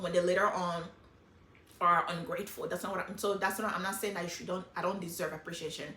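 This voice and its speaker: A middle-aged woman talking casually and emotionally about her life, in an animated, hyper way. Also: on the low side, reverberant. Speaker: vlogger sharing life lessons. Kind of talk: casual personal talk.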